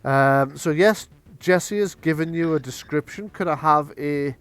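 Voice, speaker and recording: A man's voice: on the high side, a little slow, smooth. A man running a tabletop game as game master, narrating with frequent hesitations. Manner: hesitant, many ums and restarts.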